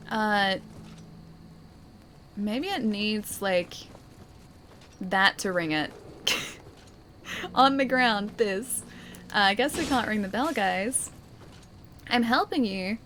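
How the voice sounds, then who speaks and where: A woman's voice: fairly high pitch, a bit bright, slight background noise. A woman streaming a game live, chatting playfully with her viewers and joking as she plays. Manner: playful, chatty, jokey asides.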